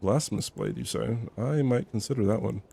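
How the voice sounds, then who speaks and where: Mellow-voiced male game streamer. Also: fairly low pitch, wildly swooping pitch, fairly quick, gravelly, slight background noise. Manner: laid-back, joking, swears casually. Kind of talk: casual live-stream chat.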